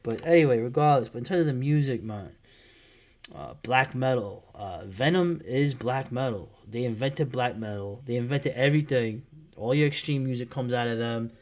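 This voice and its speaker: A middle-aged man from New York, talking casually and at length as host, rambling, swearing freely and trailing off into quiet mumbles. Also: mid-range voice. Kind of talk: casual solo commentary.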